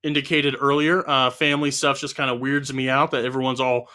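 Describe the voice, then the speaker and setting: A man's voice: mid-range voice, little pitch movement, brisk, bright, forceful tone, smooth. A man co-hosting a casual film review podcast, talking through his notes with dry, sardonic humor. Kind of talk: casual chat.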